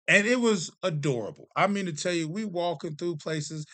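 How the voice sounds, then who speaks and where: Animated joking man, higher voice. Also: brisk, few pauses, dry recording. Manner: animated, joking, self-deprecating storytelling. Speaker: vlogger host. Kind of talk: casual chat to camera.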